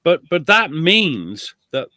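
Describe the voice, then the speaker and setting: British male guest historian, animated and chuckly, bright tone, fairly high voice. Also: takes it slowly, no room sound. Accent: British English. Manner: lively, chuckling, self-deprecating asides. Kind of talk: animated conversational storytelling.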